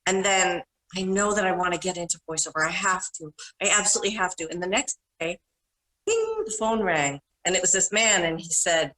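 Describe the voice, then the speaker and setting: Middle-aged woman, lowish bright voice, rambly panel guest telling stories. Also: fairly quick, rough recording. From Minnesota. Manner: rambling, self-correcting, animated anecdotes. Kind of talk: casual storytelling.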